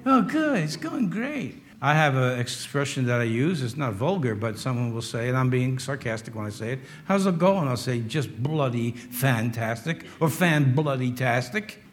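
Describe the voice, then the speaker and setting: A man in his sixties preaching a sermon in a conversational way, with wry humor, moving between loud emphasis and quiet asides. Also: medium pitch, a little hiss or hum. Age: 60s. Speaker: pastor.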